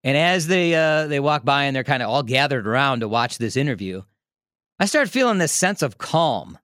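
A man telling a story in a casual, animated way, laughing often and restarting his sentences. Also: medium pitch, normal speed, dry recording, clean studio sound. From Milwaukee area, United States. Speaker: radio host telling a story as a podcast guest.

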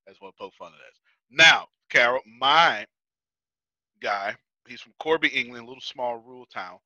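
A man's voice: medium pitch, animated, moderate pace, pushed and bright, no echo. A man teaching a business class in a chatty, casual way, laughing often and repeating himself. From United States. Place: Houston.

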